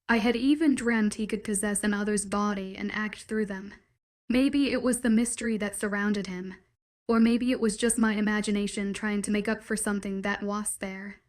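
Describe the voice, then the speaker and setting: A woman narrating a first-person romance story in a steady storytelling read. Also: medium pitch.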